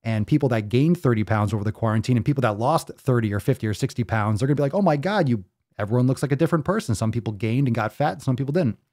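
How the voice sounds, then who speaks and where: Speaking fast and expressively, a man with a medium-pitched, darkish voice hosts a fitness live stream, reading out viewer posts. His responses are blunt and profane, and he drives each point home by repeating it. He's a fitness podcast host, recorded dry with clean studio sound.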